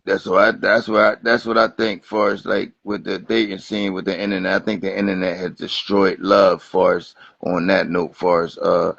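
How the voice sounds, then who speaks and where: A man from Atlantic City, talking as a guest rapper in a casual interview, telling animated, profane stories. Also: low-pitched, normal speed, gravelly, hardly any pauses, no echo. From Atlantic City, New Jersey. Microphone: Instagram Live stream. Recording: lo-fi livestream audio.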